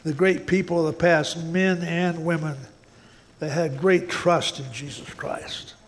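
A man's voice: fairly high pitch, fairly even intonation, unhurried, long reverb tail. A man preaching a sermon as pastor, folksy and plain-spoken, often repeating words and tossing in "man". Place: church sanctuary.

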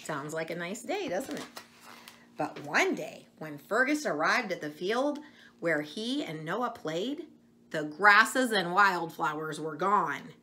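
Slow, expressive woman reading a storybook. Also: lowish voice, slight background noise. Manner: expressive, slow, chats to the listener between pages. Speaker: storyteller reading a picture book aloud. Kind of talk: read-aloud storytelling for children.

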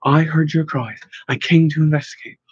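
A woman's voice: low voice, fairly even intonation, moderate pace, a little mellow, breathy edge, no echo, lo-fi sound. A man voicing a prim, curious woman investigator. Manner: formal, old-fashioned phrasing. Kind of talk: audiobook narration.

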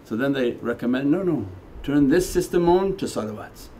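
Soft-toned male Sufi teacher, conversational. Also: medium pitch, animated, normal speed, slight background noise. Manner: conversational, shifting between quiet asides and emphatic lines. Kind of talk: spiritual lecture and Q&A answer. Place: meditation center hall.

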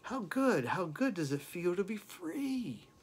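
A man voicing envious male friends who mock a newly single man, in a high, teasing voice. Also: sing-song, a little slow, slightly rough, heavily acted. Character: envious men stuck in unhappy relationships.

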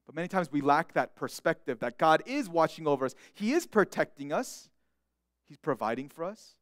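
A man's voice: on the high side, big pitch swings, moderate pace, fairly bright tone, no echo, studio quality. A young man preaching a sermon as pastor, speaking earnestly and often repeating words as he restarts a thought.

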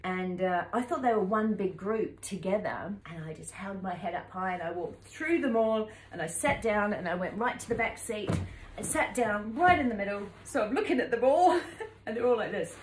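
A woman in her fifties with a New Zealand accent, telling a travel story to camera in a lively, animated way and acting out the voices in it. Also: mid-range voice, reverberant, poor audio. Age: 50s. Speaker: travel vlogger.

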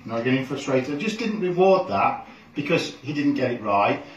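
A man working as a dog trainer, calmly explaining a training session with frequent ums. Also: medium pitch, normal speed, far from the mic, slight background noise. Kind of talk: instructional training video. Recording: roomy sound, speaker off from the mic.

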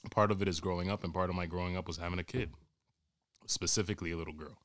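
A man's voice: low voice, steady tone, rapid-fire, a bit bright, no room sound. A man hosting a podcast, ranting in a rambling, crude, exasperated comic monologue, recorded at home. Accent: New York. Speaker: podcast host. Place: home during quarantine.

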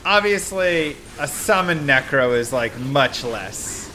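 A man's voice: mid-range voice, lively intonation, slow pace, sharp tone, a little hiss or hum. A man casually commenting on his gameplay during a live stream, chatty and rambling with frequent laughs. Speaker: game streamer.

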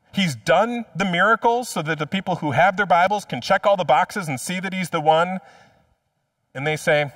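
A male pastor delivers a sermon in a relaxed, humorous storytelling way, with a slightly higher voice. He sounds set back from the mic, and the recording is dry with no room ring. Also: dry recording, recorded from a distance.

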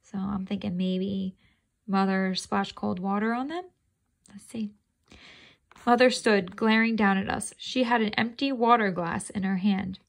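A woman's voice: medium pitch, creaky. A woman reading a children's chapter book aloud in a casual way, stopping to think aloud and quiz her listeners.

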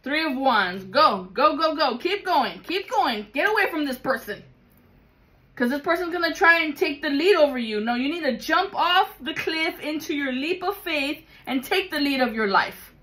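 A woman's voice: high voice, lively intonation, normal speed, bright, forceful tone. A woman giving a casual tarot reading to viewers, emphatic and blunt, swearing often and calling the listener baby. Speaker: tarot reader.

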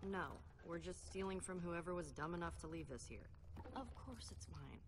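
A woman's voice: on the low side, animated, moderate pace, long reverb tail, a little hiss or hum, close to an everyday voice. An actress voicing a practical young woman friend in a story game, matter-of-fact and lightly teasing.

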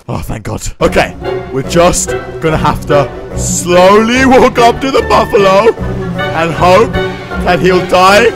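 A man giving jokey gameplay commentary as a video host, jumping from quiet asides to loud shouts and sing-song bits. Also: high voice, big pitch swings, measured pace, music in the background.

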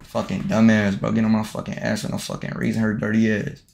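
A man's voice: lowish voice, completely flat delivery, fast, gravelly, background noise. A young man live streaming and video-chatting with strangers, brash and heavy on profanity, talking straight to his chat.

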